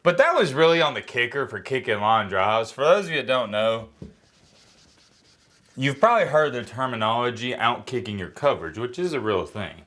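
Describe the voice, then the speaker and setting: A man's voice: medium pitch, sing-song, normal speed, fairly bright tone. A man rants through a casual college football reaction in an ordinary, mid-range voice. He talks bluntly and with strong opinions, pokes fun at himself, and often loses the thread before starting over. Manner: blunt, opinionated, self-mocking; rambling with restarts. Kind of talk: casual sports reaction rant.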